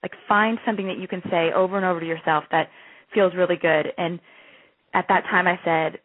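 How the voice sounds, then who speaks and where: Over a tinny, dry phone line, a woman in her thirties tells a long personal story as a guest, earnest and gushing, with many restarts and fillers. Her lowish voice holds a steady tone at a fairly quick pace.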